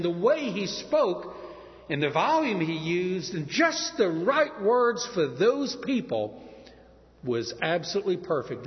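An older man from Texas preaching a sermon, earnest and emphatic, with dramatic pauses and strong stress on words. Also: high voice. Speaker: pastor. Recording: muffled sound in a reverberant hall.

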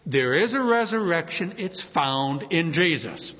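A man preaches in a high, lively voice that swoops up and down as he drives each point home with emphasis. His sermon rings out through a large hall with a long echo, and the sound is dull and muffled. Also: a little slow. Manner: emphatic, rising to bold declarations.

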